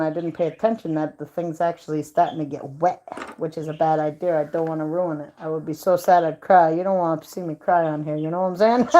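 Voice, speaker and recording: Holding her phone by a bedroom window at home, a middle-aged woman runs a chatty livestream and laughs at her own tales. The sound is lo-fi, and her voice is low with a dark tone.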